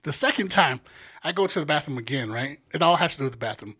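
Young man, podcast co-host, profane animated storytelling, slightly high voice. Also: quick pace, husky. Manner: animated storytelling, acts out quotes. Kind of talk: casual profane podcast banter.

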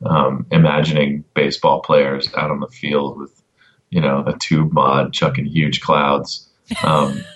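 A man on a casual podcast giving an advocacy update, halting with many ums and restarts and a dry sense of humor. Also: a bass voice, flat delivery, a bit bright, lo-fi sound.

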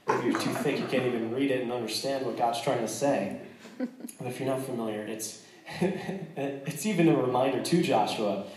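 An American man shares his testimony with a congregation, earnest but quick to joke, often restarting his sentences. He sounds set back from the mic, in a hall with heavy echo. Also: medium pitch, a little mellow, distant mic, a little hiss or hum. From United States. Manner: earnest and joking, with frequent restarts. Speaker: missionary speaking to a church.

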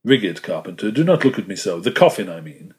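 A man's voice: deep voice, sing-song, fast talker. A man reading the part of a stern, weary ship's mate who gives curt orders. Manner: curt commands, sharp outbursts.

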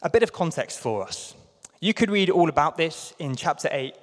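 This London preacher's British-accented voice is a little high and expressive, at normal speed, with a long reverb tail from the church hall. He keeps the sermon chatty, pokes fun at himself, and does playful voices when quoting.

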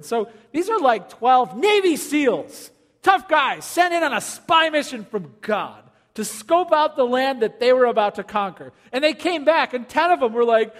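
A male pastor preaching a sermon, animated and storytelling, joking with the congregation. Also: very high-pitched, moderate pace. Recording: long hall reverb.

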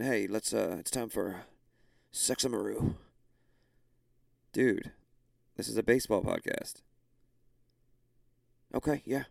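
Gravelly dude riffing deadpan on a comedy podcast, lots of uhs. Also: male voice, fairly low pitch, no room sound, clean studio sound. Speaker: podcast host. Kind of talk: improvised comedic banter.

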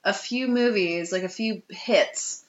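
A woman's voice: mid-range voice, slow pace. A woman co-hosting a casual podcast, giggly and self-deprecating as she tells stories. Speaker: podcast co-host. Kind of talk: casual chat. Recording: echoey, slightly dull sound.

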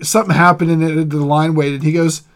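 A man's voice: a little high, little pitch movement, brisk. A man co-hosting a casual podcast chat, talking like an eager, chatty fan. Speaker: podcast co-host.

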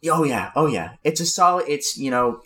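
A man's voice: on the high side, moderate pace. A man co-hosting a casual podcast, arguing his points with heavy swearing and emphatic enthusiasm. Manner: profane, emphatic, animated arguing. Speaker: podcast co-host. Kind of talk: casual chat.

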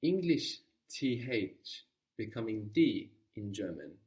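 Guy teaching a language lesson, lowish voice, patient, kinda far from the mic. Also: sing-song, darkish tone. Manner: patient, prompting, repeats answers slowly.

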